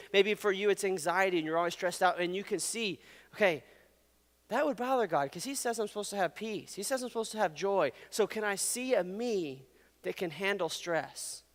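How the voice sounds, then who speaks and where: A man in his thirties preaching a sermon as a youth pastor, animated, conversational and jokey. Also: high voice, in a large hall. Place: church hall.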